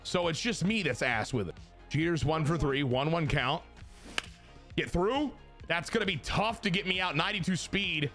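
A young man hosting a gaming channel, giving excited commentary on his baseball video game and cheering and shouting at the plays. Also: on the high side, moderate pace, faint music behind. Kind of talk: excited live gameplay commentary.

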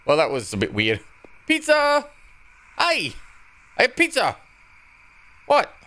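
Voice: mid-range voice, wildly swooping pitch, slow, sharp tone. A gaming channel host giving jumpy, joking commentary while playing a horror game, laughing and narrating every move.

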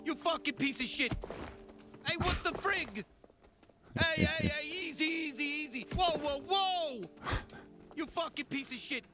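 A man's voice: a little slow, long pauses, over loud music. An actor playing a hot-headed, foul-mouthed male alien construction worker who swears, rambles threats and repeats himself. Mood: agitated. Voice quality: creaky, high-pitched. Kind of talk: video game voice acting.

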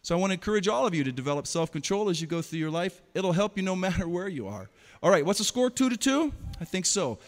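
A man performing an interactive stage show for children, playfully calling out quick commands and teasing his audience. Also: sits high, sing-song. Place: large hall. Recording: long hall reverb.

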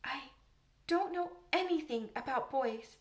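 A woman reading aloud and voicing a shy, earnest little girl who speaks slowly and hesitantly. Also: sits high, lively intonation, voice pushed up. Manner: slow, hesitant, eager.

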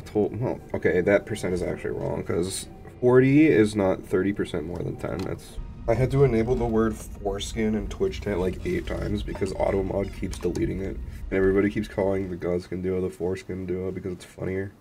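A man streaming a video game, commenting in an excitable, profane way to himself and his chat. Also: sits low, a little fast, creaky, hardly any pauses, soft background music.

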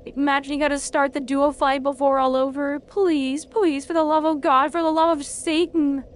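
A woman streaming a video game, reacting loudly and swearing freely at each twist of the fight. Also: sits high, normal speed. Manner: excitable, swears a lot, talks at the game. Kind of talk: live gameplay commentary.

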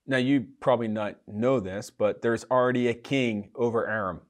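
A man preaching a conversational sermon to young adults, animated and informal, full of casual asides. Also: mid-range voice, moderate pace. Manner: animated, casual, frequent "you know, like" asides. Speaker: pastor. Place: online livestream for young adults.

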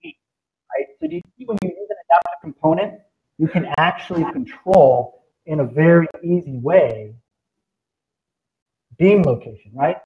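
Brief: upbeat male presenter, fairly high voice, exclamatory and animated, dull lo-fi room recording. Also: unhurried, pauses often. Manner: excitable, exclamatory, full of sound effects. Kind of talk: live software demo talk.

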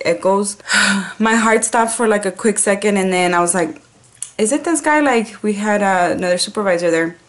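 A woman who works as a 911 dispatcher, telling a story in a casual vlog. She talks freely, swears a lot, says "like" constantly and slips in Spanish slang. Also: mid-range voice. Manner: chatty, profane, heavy use of "like"; drops in Spanish slang phrases.

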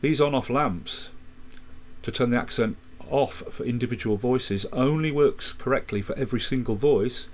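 A man calmly walking through a music software tutorial, explaining step by step with quick asides. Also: mid-range voice, a little hiss or hum. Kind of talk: screen-recorded software tutorial.

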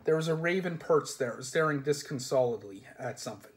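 Male reader, story narration, slightly high voice. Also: animated, brisk, a little hiss or hum. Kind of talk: reading a novel aloud.

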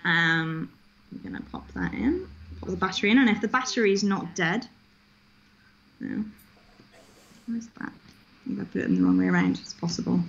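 A woman's voice: fairly low pitch, animated, normal speed, creaky, pauses often. Woman, guest, playful, giggly, muffled lo-fi call audio, faint hiss. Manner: giggly, playful, hands-on demonstrating. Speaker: guest maker. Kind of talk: casual video chat. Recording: dull, lo-fi video call audio with faint noise.

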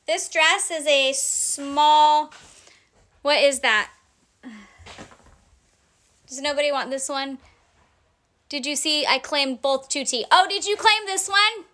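A woman with a very high, bright voice runs a casual live clothing sale. She talks unhurriedly, chatting to her viewers as she reads out sizes and prices one by one. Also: slow, long pauses. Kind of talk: casual live-stream selling chat.

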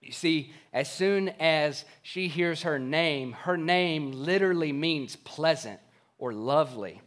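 Male pastor, slightly high voice, earnest sermon storyteller, modern plain retelling of scripture. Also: takes it slowly, a bit bright.

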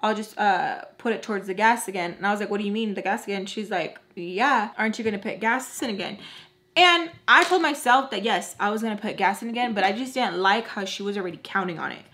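Young woman venting a storytime while doing makeup, animated and annoyed, medium pitch. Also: quick pace. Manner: animated, exasperated retelling with voiced quotes. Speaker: vlogger.

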